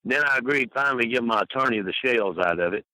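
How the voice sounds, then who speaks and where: A man's voice: mid-range voice, lively intonation, quick pace, sharp tone, no echo, poor audio. An older man telling colorful stories as an interview guest, folksy and rambling, laughing at his own tales. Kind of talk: rambling anecdotal storytelling.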